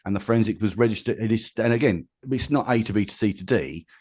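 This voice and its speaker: A plain-spoken man from England who tells things straight in a lower voice. He stumbles and restarts often as he talks through his invention and past. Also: quick pace, a little mellow. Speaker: inventor guest. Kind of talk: casual interview chat.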